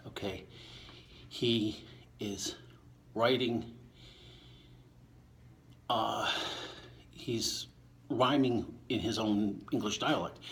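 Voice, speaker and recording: An older man reading sonnets aloud and chatting offhandedly between them. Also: fairly bright tone. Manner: recites verse, then chats in a low, offhand voice. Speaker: vlogger reciting sonnets while lifting. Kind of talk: casual recitation between lifts.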